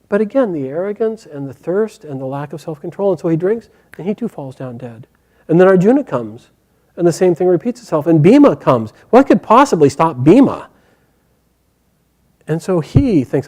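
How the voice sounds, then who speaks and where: A man's voice: on the high side, very animated, normal speed, warm tone. A man casually retelling an epic story in a conversational way, often repeating and restarting phrases.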